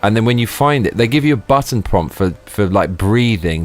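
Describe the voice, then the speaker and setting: Low-voiced man swearing through a live stream. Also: lively intonation, moderate pace, faint music behind. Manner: profane, exclamatory, laughs often. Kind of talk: casual gameplay live-stream commentary.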